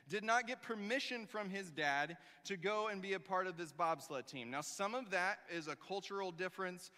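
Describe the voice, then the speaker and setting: A man preaching a sermon as a pastor, telling a story with animated emphasis and acting out the lines he quotes. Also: high-pitched, long reverb tail.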